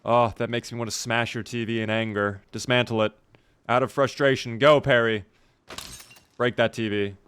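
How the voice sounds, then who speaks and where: A hoarse man commentating his own gameplay live, chatting with viewers and answering their questions. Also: mid-range voice, level tone, brisk, a bit bright. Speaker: streamer.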